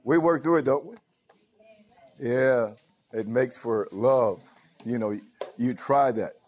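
A man's voice: mid-range voice, takes it slowly, a little mellow, slight background noise. Preacher man with a muffled sound. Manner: informal preaching with frequent call-outs to the congregation. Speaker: pastor. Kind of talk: sermon. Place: church.

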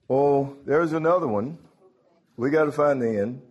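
A man's voice: medium pitch, moderate pace, a little mellow, muffled recording. A man preaching a sermon, calling out to his congregation. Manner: folksy, calls out to the congregation.

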